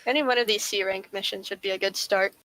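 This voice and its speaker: A woman's voice: mid-range voice, steady tone, quick pace, a bit bright, no echo, low-quality recording. A woman playing a tabletop role-playing game, chatting casually and laughing easily with the group. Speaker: player.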